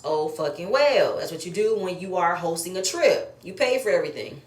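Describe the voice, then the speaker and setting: A reality TV recap host reviews a reality show episode with blunt, profane, opinionated commentary. Her voice is on the low side with lively intonation and normal speed, recorded in an echoey room.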